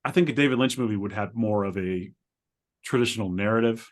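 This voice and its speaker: A man co-hosting a podcast in casual chat, rambling and stammering as he describes things, laughing often. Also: a little fast. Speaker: podcast co-host. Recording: lower quality than usual.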